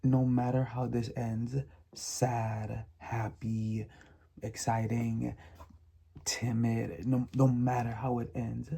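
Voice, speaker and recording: Man, book vlogger, emphatic and repetitive, unhurried delivery, mellow low-key tone. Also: flat delivery, creaky, slightly rough. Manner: emphatic, repeats himself, laughs often, drops to whispers. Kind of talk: casual reading vlog.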